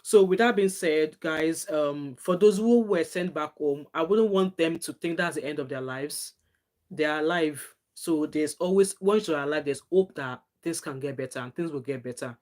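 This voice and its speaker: A woman's voice: sits low, moderate pace, darkish tone. A middle-aged woman with a Nigerian accent, chatting casually on a live stream, answering viewer comments and giving earnest advice. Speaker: live-stream host, nurse.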